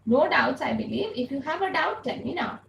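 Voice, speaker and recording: A woman's voice: high voice, lively intonation, fairly quick, creaky, fairly bright tone, reverberant, a little hiss or hum, poor audio. A woman teaching an online grammar lesson, patiently repeating key points and asking rhetorical questions, speaking through an earphone mic. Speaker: English teacher.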